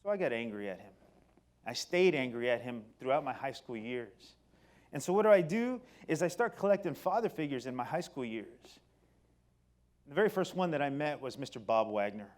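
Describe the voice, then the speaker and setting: A middle-aged man giving a personal storytelling talk on stage, animated, moving between loud excited bursts and quiet low passages. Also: moderate pace. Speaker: company speaker. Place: stage before an audience.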